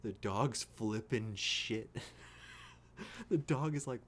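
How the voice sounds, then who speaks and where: A man hosting a casual reaction video, giddy, excitable and jokey as he comments on a TV episode. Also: lowish voice, slow pace, pauses often, slight background noise.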